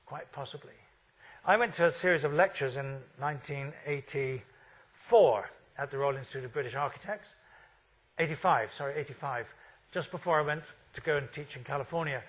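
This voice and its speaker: A man's voice: a little high, fairly bright tone, dull audio. A man in his fifties giving a university architecture lecture, wry and full of rhetorical questions.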